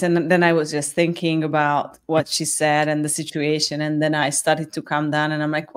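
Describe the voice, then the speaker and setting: A woman's voice: low voice, fairly even intonation, normal speed, few pauses, clear, resonant tone. A woman hosting a casual live chat, talking candidly with frequent laughs and restarts. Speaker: host.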